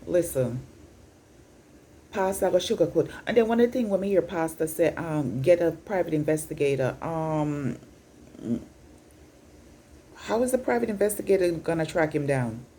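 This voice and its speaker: A woman's voice: low-pitched, expressive, moderate pace, pauses often, mellow, slight background noise. A Jamaican woman in her fifties giving an incredulous, scolding opinion vlog, slipping in and out of patois. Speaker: vlogger.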